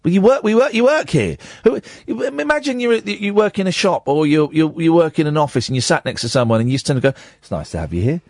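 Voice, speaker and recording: A man's voice: sits high, fast talker, creaky, few pauses, dry recording, studio quality. A man hosting a late-night radio talk show, rambling with many fillers and restarts. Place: radio studio. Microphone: studio microphone.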